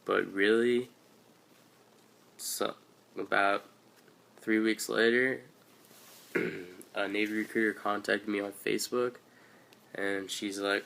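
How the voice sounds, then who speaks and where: A young man of eighteen from Washington State talks slowly in a low, gravelly voice. His delivery stays flat and loose as he rambles through a story with offhand, slangy asides, recorded on a handheld camera. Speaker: vlogger. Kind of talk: casual first-person storytelling. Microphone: handheld camera or phone.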